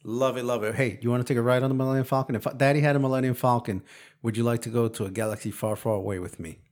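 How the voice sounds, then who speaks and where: A man's voice: mid-range voice, steady tone, racing, a little mellow. A man in his forties hosting a casual podcast, quizzing his young son playfully and teasing with frequent laughs. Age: 40s. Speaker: podcast host and father.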